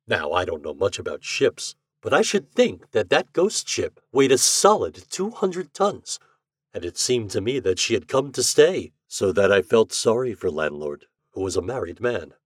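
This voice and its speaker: A man reading a story aloud as a podcast narrator, with an expressive reading style. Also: lowish voice, moderate pace, dry recording, studio quality. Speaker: podcast reader.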